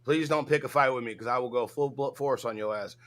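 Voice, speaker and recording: A man's voice: mid-range voice, fast talker, fairly bright tone. A brash man co-hosting a commentary stream, swearing freely in casual talk. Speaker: co-host.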